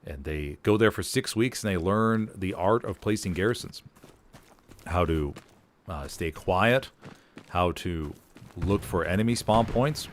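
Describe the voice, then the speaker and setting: A man giving energetic, jokey play-by-play commentary on a competitive war video game, drifting into rambling asides. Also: low voice, unhurried, a little hiss or hum. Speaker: esports caster.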